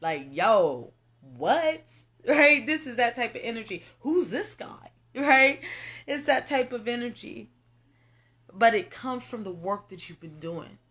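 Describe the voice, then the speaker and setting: A young woman doing a tarot reading speaks a little slowly in a high, very animated, slightly bright voice. Addressing viewers directly in a casual spiritual monologue, she is emphatic, repetitive and foul-mouthed, tearful at times.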